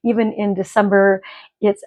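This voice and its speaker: A middle-aged woman from Michigan, USA, hosts a knitting podcast from home, rambling through casual chat. Her mid-range voice is a little mellow and flat, moving at a moderate pace as she chats and corrects herself.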